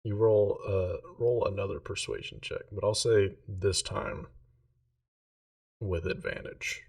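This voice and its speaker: A man running a tabletop game, narrating in a low, unhurried voice and rambling through plenty of fillers. He sits a little away from the mic. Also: steady tone, creaky, darkish tone, distant mic. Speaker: game master.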